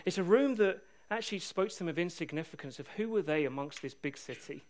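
A male preacher delivering a sermon with lively, humorous storytelling. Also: on the high side, quick pace.

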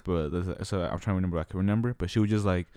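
A man's voice: deep voice, rapid-fire, dark tone, no echo, studio quality. A young man rambling through a slangy, casual story and acting out the voices of the people in it. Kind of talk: casual chat. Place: Utah.

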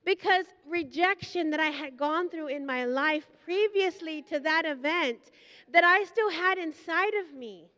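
Lady preacher telling her story live, really high voice, big reverb-y hall. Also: measured pace, lo-fi sound. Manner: animated and personal, acting out quoted voices. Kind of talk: sermon. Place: church hall at a conference.

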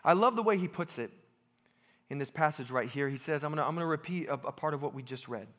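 A young American pastor preaching a sermon, lively and self-deprecating, repeating phrases for emphasis. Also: male voice, fairly high pitch, fast.

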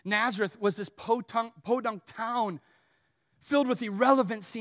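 A man preaching a sermon, animated, swinging between loud emphatic lines and soft low ones. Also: normal speed. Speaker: pastor. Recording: long hall reverb.

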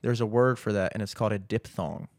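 A man's voice: fairly low pitch, fairly even intonation, fast talker, no echo, studio quality. A young man hosting a podcast, chatting casually in a rambling, profane, ranting way. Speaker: podcast host. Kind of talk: casual chat.

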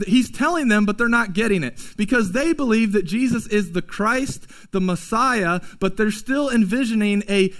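A pastor with a fairly high voice preaches a sermon, keeping it relaxed and conversational. He drops playful, slangy asides between his points. It sounds like a sermon in church.

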